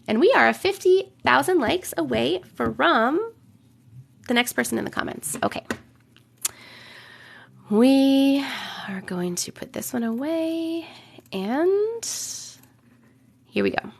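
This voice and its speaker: High-pitched woman on a live stream at home, chatty and swears a lot, reads viewer stories out loud and laughs along. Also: very animated, slow pace, gravelly, long pauses. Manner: chatty, swears casually, laughs and reacts while reading. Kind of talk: casual live-stream chat and story reading. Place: home room, alone.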